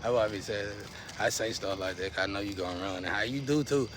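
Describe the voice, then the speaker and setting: With a fairly low voice and a fast delivery, a vlogger rambles to viewers in loose slang, his volume rising and falling restlessly, against a noisy background.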